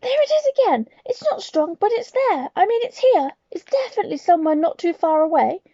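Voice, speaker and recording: A woman's voice: very animated, a little fast, warm tone, dry recording, muffled recording, heavily acted. A woman reading aloud and voicing a shrieking female witch who has caught a scent. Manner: shrill shrieking.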